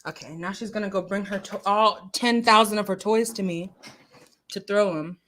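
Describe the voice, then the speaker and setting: A young adult woman hosting a casual livestream, chatting and answering viewers with emphatic, animated remarks. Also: fairly high pitch, normal speed. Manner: chatty, emphatic, laughs often. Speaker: livestream host.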